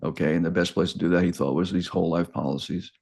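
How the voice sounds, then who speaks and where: A man in his sixties with a very deep, low-pitched voice tells a long personal story. He talks in a halting, casual way, stopping and restarting phrases and repeating small words as he searches for them. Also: fairly even intonation, darkish tone, husky. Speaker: guest.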